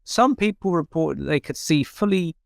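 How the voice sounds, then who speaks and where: A man with a fairly high voice tells his story in a dry, close recording. He talks in an animated storytelling way, with frequent restarts. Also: normal speed, vocal fry, no echo. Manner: animated anecdote with quoted voices, many restarts. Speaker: paranormal researcher and host. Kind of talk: conversational storytelling.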